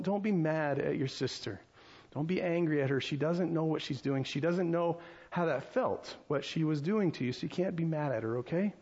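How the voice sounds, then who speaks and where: American pastor guy preaching, talks casual and asks "right?" a lot, muffled lo-fi recording. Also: on the high side. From United States. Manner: conversational, with repeated restarts and rhetorical "right?". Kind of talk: sermon.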